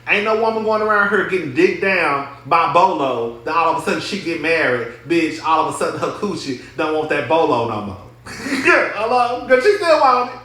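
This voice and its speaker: Sassy high-voiced man in an echoey room. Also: sharp tone. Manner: sassy, gossipy, profane. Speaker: reality TV reviewer. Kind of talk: casual commentary vlog.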